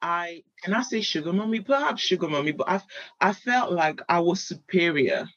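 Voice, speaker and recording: A young European woman, an anonymous podcast guest, candidly tells dating stories, animatedly acting out old conversations and laughing often. Her voice is on the low side at a moderate pace, in a dry, dull lo-fi recording.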